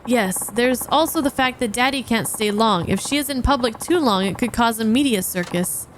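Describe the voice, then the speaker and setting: A woman voicing a polite, formal male secretary and bodyguard, speaking in a measured way while reading game dialogue. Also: fairly high pitch, slight background noise, close to an everyday voice.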